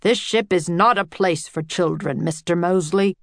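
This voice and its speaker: A woman voicing a stern, gruff male ship captain who barks orders in a storybook reading. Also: lowish voice, normal speed, no echo, lightly acted.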